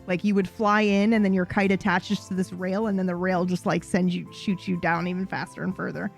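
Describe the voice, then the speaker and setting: A woman's voice: lowish voice, flat delivery, a little fast, vocal fry, faint music behind. A woman hosting a live stream, talking casually in a rambling, self-correcting way and swearing freely. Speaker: stream host.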